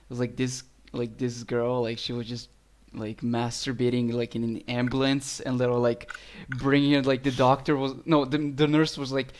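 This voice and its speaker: A man co-hosting a crude, casual podcast. He tells stories loosely, stacking "like" after "like" at a middle pitch. A clear hiss runs behind his voice. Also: flat delivery, normal speed. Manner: loose storytelling, many "like"s. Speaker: podcast co-host.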